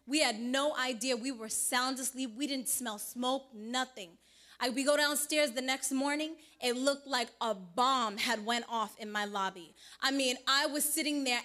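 A woman giving a personal testimony at church, telling her story in an animated way and voicing the people she quotes. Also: sits high. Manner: animated storytelling, quoting others in lively voices.

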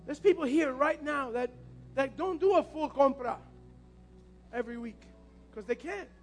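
A man's voice: very high-pitched, normal speed, soft background music. A man preaching a passionate sermon as pastor, repeating his key phrases.

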